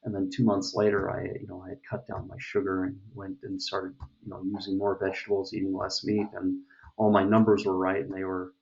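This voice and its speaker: Speaking in a low, creaky voice, a middle-aged man from the US delivers a rambling, casual opinion piece as a vlogger, stumbling through fillers and restarts. The recording is dull and lo-fi.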